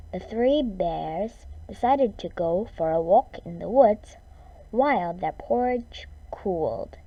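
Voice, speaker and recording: A woman reads a children's fairy tale aloud at an unhurried pace. Her pitch rises and falls with lively expression, and she drops to a whisper now and then. Her tone is mellow, and the recording sounds dull and lo-fi. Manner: slow, expressive read-aloud with whispered asides. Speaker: storyteller. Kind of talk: children's story reading.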